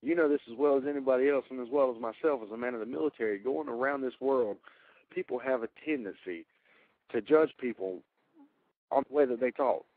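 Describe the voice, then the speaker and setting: A man's voice: mid-range voice, a little fast, no room sound. A man with a Southern US accent on political talk radio. He speaks in a blunt, indignant way. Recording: tinny phone-like radio audio.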